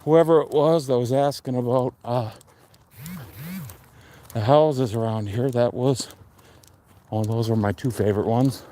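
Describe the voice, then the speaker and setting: A man in his forties on a casual live stream, chatting in a relaxed, rambling and enthusiastic way. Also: mid-range voice, measured pace, pauses often. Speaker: livestream host. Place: outdoors on a neighborhood street. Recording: faint outdoor street noise.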